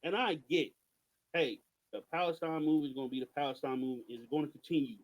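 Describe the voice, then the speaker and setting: A man's voice: on the high side, quick pace, rough recording. A man co-hosting a podcast, giving passionate political commentary with emphatic rhetorical questions. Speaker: podcast co-host.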